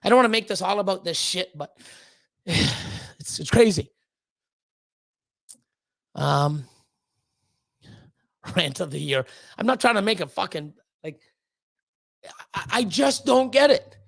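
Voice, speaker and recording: In a gravelly, medium-pitched voice, a woman streamer rants animatedly but slowly, pausing often. She curses constantly at her chat, and when she gets heated she stammers and restarts her sentences.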